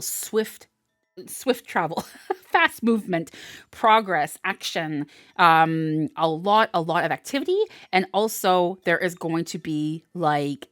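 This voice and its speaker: A woman's voice: on the low side, dry recording. Chatty woman doing a tarot reading. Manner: chatty and encouraging, repeats key words. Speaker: tarot reader and channel host. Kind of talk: casual intuitive tarot reading to camera.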